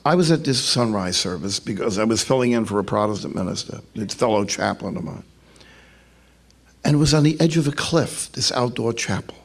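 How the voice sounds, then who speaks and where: A man's voice: lowish voice, lively intonation, brisk, creaky. An older man, a priest, telling funny stories to an audience and slipping into voices for the people in them. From New York. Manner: storytelling with joking asides and put-on voices. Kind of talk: humorous talk to an audience.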